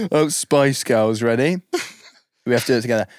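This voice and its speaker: A man co-hosting a podcast in casual chat, playful and quick to laugh. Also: medium pitch, sing-song, very noisy. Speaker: podcast co-host.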